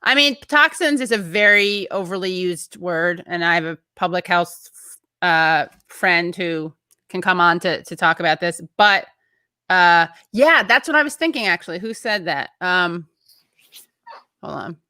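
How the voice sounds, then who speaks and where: A woman's voice: lowish voice, expressive, measured pace, bright, forceful tone, clean tone, dry recording, clean studio sound. A woman hosting a casual show, chatting loosely, breaking off mid-thought and reading out viewer comments. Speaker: show host.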